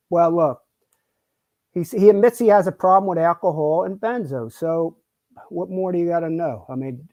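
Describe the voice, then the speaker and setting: A man's voice: fairly high pitch, darkish tone, no room sound. A man co-hosting a recovery podcast, speaking emphatically and repeating himself as he makes his points. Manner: emphatic, repetitive, interrupting. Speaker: podcast co-host. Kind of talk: casual recovery discussion.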